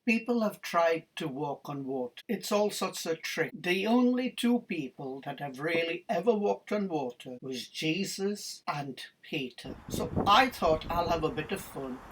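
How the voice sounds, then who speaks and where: A middle-aged man telling a Bible story to children, animated and asking them questions directly. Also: fairly high pitch, a little slow, few pauses, breathy edge, poor audio.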